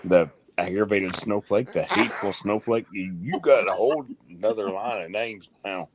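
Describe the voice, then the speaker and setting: A man's voice: fairly low pitch, moderate pace, a loud crowd. A man, hosting a homestead livestream and teasing people in casual chat. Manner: joking, ribbing others.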